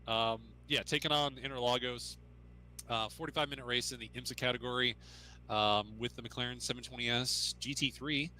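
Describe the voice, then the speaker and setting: A man with a mid-range, steady, sharp-toned voice hosts a live sim racing stream, talking at a moderate pace as he drives. He's chatty and laughs easily, with frequent ums.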